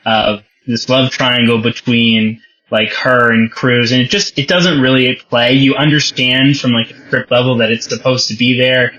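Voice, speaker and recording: Podcast co-host, male, bright forceful voice, dull lo-fi sound; rambling, wry film-review chatter. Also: medium pitch. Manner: rambling, self-correcting, wry. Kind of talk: casual film review chat.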